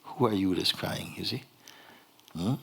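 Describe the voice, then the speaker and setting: A man guiding a seeker as a spiritual teacher in a satsang dialogue, gentle and unhurried, often breaking into laughter. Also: low-pitched, vocal fry, slightly rough. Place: hall.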